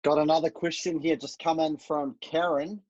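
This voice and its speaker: A man's voice: fairly high pitch, level tone, normal speed, darkish tone, lo-fi sound. A man, casually hosting a Q&A and reading audience questions aloud.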